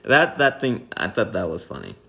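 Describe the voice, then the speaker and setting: Guy cohost cracking up while he explains, halting restarts, casual podcast chat. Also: on the low side, huge pitch swings, gravelly, pushed and bright. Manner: amused, laughs mid-sentence, halting restarts. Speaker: podcast co-host. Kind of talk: casual film-review chat.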